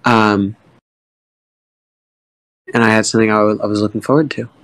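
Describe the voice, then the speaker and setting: A young man speaking candidly and emotionally in a community AMA. He tells a personal story in halting bursts, with many fillers and some swearing. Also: lowish voice, level tone, a bit bright, no room sound, low-quality recording. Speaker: guest artist in a community AMA.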